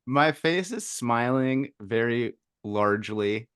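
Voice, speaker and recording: A man hosting a podcast in a casual, thoughtful way, pausing and searching for his words. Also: mid-range voice, expressive, fairly bright tone, smooth, dry recording, studio quality. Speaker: podcast host.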